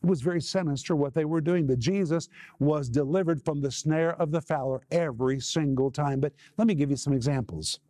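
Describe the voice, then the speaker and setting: A man's voice: on the high side, a little fast, warm tone, no room sound, clean studio sound. A man delivering a televised Bible teaching, stressing key words by repeating them. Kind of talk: televised sermon.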